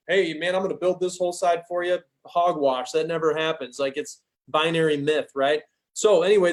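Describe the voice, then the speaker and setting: A man leading a team training call, giving an energetic, folksy pep talk over a video call. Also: a little high. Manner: energetic, folksy, pumps up listeners with "guys". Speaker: team leader hosting a sales training call.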